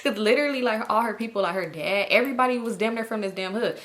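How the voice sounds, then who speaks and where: A young woman vlogger telling a story in a casual, animated and slangy way, often laughing. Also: a little high, quick pace.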